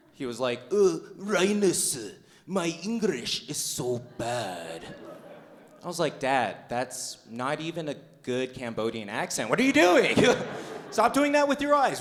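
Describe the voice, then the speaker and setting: A man doing a stand-up comedy set on stage with a handheld mic, loud and hyped, mocking himself and shouting out to the crowd. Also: medium pitch. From Boulder, Colorado. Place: comedy stage in front of a live audience.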